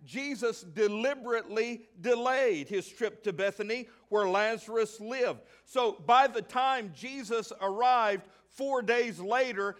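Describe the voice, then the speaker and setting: A male pastor from the American South preaching a sermon. He reads scripture at length and asks the congregation questions that he then answers himself. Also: extremely high pitch. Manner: reads scripture aloud at length, slowing on key words; bursts into excitement.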